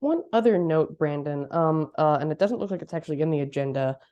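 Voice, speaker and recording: Woman, voice roughened, lively and fast, casual meeting host. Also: sits low, dull audio. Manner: animated, chatty, self-deprecating. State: voice still rough from losing it. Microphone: clip-on mic in a conference room.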